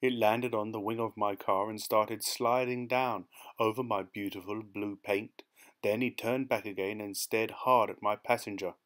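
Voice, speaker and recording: A man reading a short story aloud as audiobook narration, in a measured, even manner. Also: lowish voice. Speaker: audiobook reader. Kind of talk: scripted narration.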